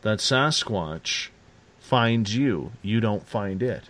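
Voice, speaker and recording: A man's voice: lowish voice, animated, slow, fairly bright tone, dry recording. A man hosting a radio show, putting brief, direct questions to a guest. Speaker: radio host.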